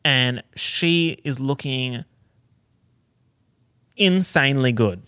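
A young man telling an excited story in a vlog, gushing and swearing, his pitch jumping up for emphasis. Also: very slow, smooth, no room sound, clean studio sound. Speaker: content creator.

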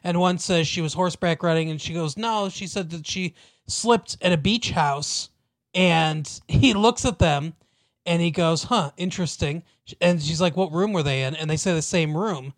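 A man's voice: on the high side, normal speed. A man in casual chat, recapping a story with lots of restarts and acted-out quotes. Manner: rambling, many restarts, acts out quoted lines, laughs often. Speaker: podcast co-host recapping a TV episode.

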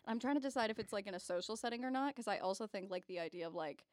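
A young woman co-hosting a tabletop game podcast, animated and swearing freely as she builds a character. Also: medium pitch, rapid-fire, no echo, studio quality. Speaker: podcast co-host. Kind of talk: casual tabletop chat.

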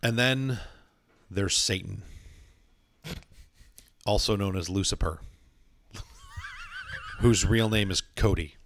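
Low-voiced man rambling in casual chat. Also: slow, pauses often, a bit bright, slight background noise. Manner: rambling, filler-heavy storytelling with playful asides.

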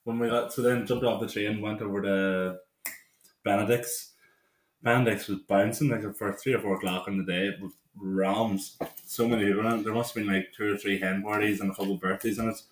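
A man's voice: fairly low pitch, fairly even intonation, a little fast, roomy sound, a little hiss or hum. A Northern Irish man in his twenties telling long, rambling stories with lots of "like" while co-hosting a casual podcast chat. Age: 20s. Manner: rambling, laughing anecdotes with lots of "like". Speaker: podcast co-host.

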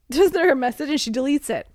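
High-voiced woman recapping a film. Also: moderate pace, no echo, studio quality. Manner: animated, acts out lines from the film. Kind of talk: casual movie recap chat.

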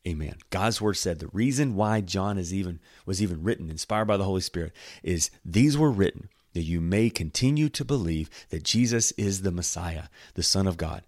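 Deep-voiced excitable man teaching the Bible. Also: moderate pace, no echo, clean studio sound. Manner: excitable, jokey, acts out little scenes. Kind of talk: casual Bible teaching and reading.

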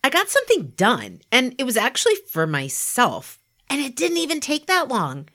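A woman giving a scripted motivational talk, speaking in a lively, emphatic and conversational way. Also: sits high, moderate pace. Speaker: inspirational podcast speaker.

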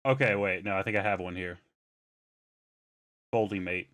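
A man's voice: deep voice, normal speed, fairly bright tone. A man chatting casually as a contestant, telling rambling stories and swearing freely. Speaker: contestant pitching products. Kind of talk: casual comedic chat.

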